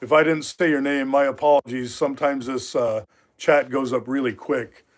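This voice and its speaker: A man in his fifties from Alaska, hosting a livestream from his knife workshop. He tells his stories casually and meanders, with lots of filler words. His voice sits at an ordinary pitch for a man. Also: steady tone, normal speed. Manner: rambling, with frequent filler words. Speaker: livestream host. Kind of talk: casual storytelling.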